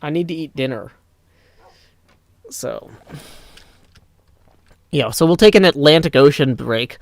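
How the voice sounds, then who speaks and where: A man chatting casually on a live stream, reading chat aloud and rambling through answers on a desk mic that clips when loud. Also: fairly high pitch, slow, gravelly, long pauses, dry recording.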